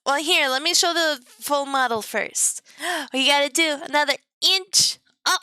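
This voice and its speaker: A woman's voice: sits high, measured pace, pushed and bright, dry recording, clean studio sound. A young woman streaming as a VTuber, chatting to her viewers in a silly, teasing, sing-song way and giggling often. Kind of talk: playful live stream chat.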